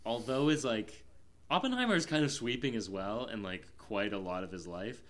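A man's voice: lowish voice, expressive, moderate pace, a bit bright. Man, podcast co-host, casual rambling talk, lots of "like". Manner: rambling, heavy on "like" fillers. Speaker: podcast co-host, film reviewer. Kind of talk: casual chat.

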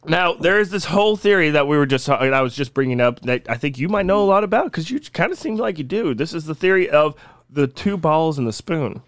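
Teasing man with a lively voice. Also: fairly high pitch, normal speed, no echo, studio quality. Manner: teasing, mock-serious, deadpan delivery of absurd claims. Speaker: podcast co-host presenting conspiracy theories. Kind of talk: casual comedic podcast chat.

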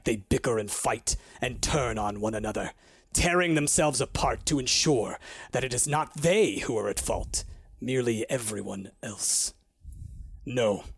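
A man voicing a grim godlike being condemning mortals, slow and solemn. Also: medium pitch, a bit bright, slightly rough, dry recording, pitched below the performer's own voice, heavily acted.

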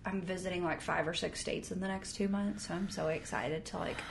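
A young woman co-hosting a podcast, her voice carrying a strong gravelly fry. She is supportive and chimes in quickly to agree. A faint rumble sits under the recording. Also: fairly even intonation. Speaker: podcast co-host. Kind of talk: casual chat.

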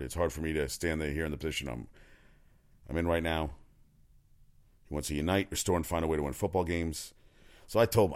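Deep-voiced man ranting about sports. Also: a little mellow. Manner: rambling, profane, opinionated, frequent restarts. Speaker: sports talk commentator. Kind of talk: casual sports commentary monologue.

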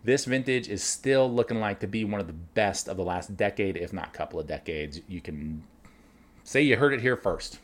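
A middle-aged man, a winemaker hosting a show, talking in a casual, animated, folksy way. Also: fairly low pitch, moderate pace. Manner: animated, conversational, folksy with sports metaphors. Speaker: winemaker and podcast host. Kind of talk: casual monologue.

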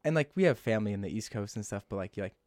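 A man's voice: lowish voice, expressive, racing, a little mellow, no room sound, studio quality. Chatty young man co-hosting a podcast. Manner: chatty, laughs often, swears. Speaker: podcast co-host. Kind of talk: casual podcast chat.

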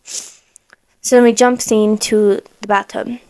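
A woman hosting a podcast tells her personal faith testimony in an emotional way, full of "like" fillers, sometimes dropping to a hushed whisper. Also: medium pitch, little pitch movement, takes it slowly, dry recording. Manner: emotional, heavy use of "like" fillers; drops to a hushed whisper in moments of prayer. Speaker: podcast host.

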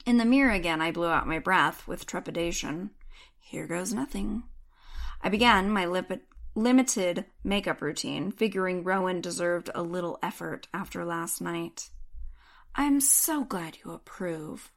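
A woman reading a first-person novel aloud in an even, measured way. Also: fairly low pitch, gravelly. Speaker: audiobook narrator. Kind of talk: first-person audiobook narration.

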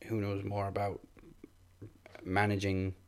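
A man co-hosting a casual wrestling podcast, making dry, unhurried remarks. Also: fairly low pitch, completely flat delivery, smooth. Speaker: podcast co-host.

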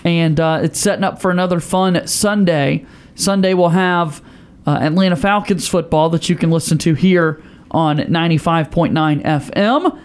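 A man's voice: on the high side, normal speed, clear, resonant tone. Playful male sports radio host. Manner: playful, hesitant, with fillers. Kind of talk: casual sports radio banter.

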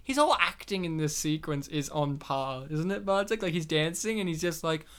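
A man's voice: a little high, expressive, a bit bright, clean tone. Joking man riffing on a movie. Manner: joking, acts out characters in quick asides. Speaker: podcast co-host. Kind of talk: casual movie commentary chat.

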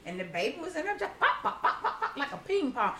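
A middle-aged woman tells family stories with a lively, swooping voice. She acts out every quote and laughs as she goes. She sits a good way from the mic in a room with a lot of echo. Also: sits high, fast. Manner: animated storyteller, acts out quotes, laughs often. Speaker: mother telling her story. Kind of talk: casual family chat. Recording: roomy, far from the mic, faint noise.

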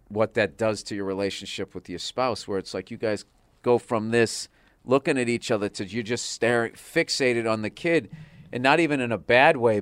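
A man's voice: fairly low pitch, a bit bright, dry recording. A man from the Boston area chatting casually as a comedian, telling stories full of fillers and swearing. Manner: rambling storytelling with lots of fillers and swearing. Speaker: comedian guest. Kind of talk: casual chat.

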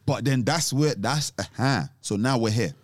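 A man's voice: mid-range voice, normal speed, dry recording, clean studio sound. A man chatting casually, rambling and restarting sentences, saying "th" like "t". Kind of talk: casual chat.

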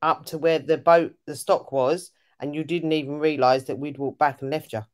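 A woman co-hosting a casual chat. Her voice is very low for a woman, and she talks in a teasing, knowing way. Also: steady tone, moderate pace, darkish tone. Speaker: co-host.

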